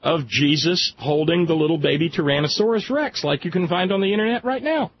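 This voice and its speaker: A man's voice: fairly high pitch, brisk, slight background noise. A man with a Southern accent hosting a radio call-in show, talking in a wry, rambling way with many restarts. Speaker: radio talk show host. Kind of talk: casual call-in chat. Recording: slightly muffled radio broadcast.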